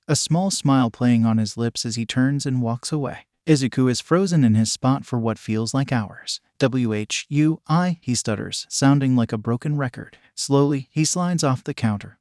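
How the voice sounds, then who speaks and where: A man narrating a fan-written story in a steady, even reading style. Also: medium pitch, dry recording, clean studio sound. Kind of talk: scripted fan-fiction narration.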